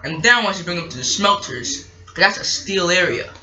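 A woman playing a stern male railway boss who gives brisk orders. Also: lowish voice, animated, bright, forceful tone, dull audio. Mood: commanding.

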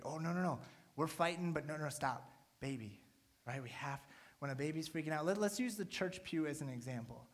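A man in his thirties, a pastor, giving a casual, chatty sermon to his church and often checking in with "right?". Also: fairly high pitch. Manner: casual, chatty preaching with many "right?" tags.

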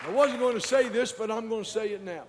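A man preaching a sermon as pastor, moving between quiet storytelling and shouted exhortation. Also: sits high, quick pace, long reverb tail, over a noisy crowd, heavy background noise.

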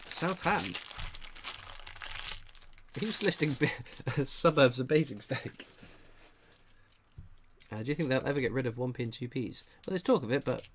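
A man hosting a casual livestream, reading viewer comments aloud with dry, understated humour and frequent pauses of "uh" as he scans the chat. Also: mid-range voice, a little hiss or hum. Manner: frequent filler "uh" while scanning chat. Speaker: livestream host.

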